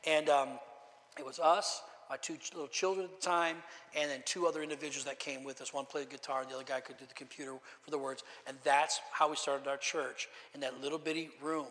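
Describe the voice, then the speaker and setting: A man's voice: a little high, fairly even intonation, brisk, fairly bright tone, in a large hall. A man pastor preaching a testimony sermon in a storytelling way, emotional and repeating his words.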